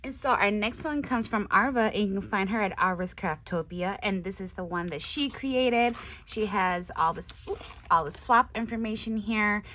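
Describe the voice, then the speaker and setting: Woman crafting host, mid-pitched, casual unboxing chat, gushes and drops into whispers, faint background noise. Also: moderate pace. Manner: gushing, with frequent excited exclamations and soft whispered asides.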